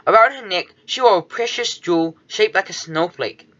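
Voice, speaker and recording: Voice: mid-range voice, lively intonation, normal speed, pushed and bright, dull audio. A reader narrating a children's storybook in the first person, with a nervous, fussy manner. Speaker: audiobook narrator.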